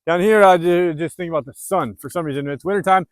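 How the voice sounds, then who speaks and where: A man from the US Northwest, a homesteader, talking loudly and rambling with self-deprecating humor while he works outside in the snow. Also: a little high, fairly quick, no echo. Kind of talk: casual vlog narration while working. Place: outdoors in the snow at a dog pen.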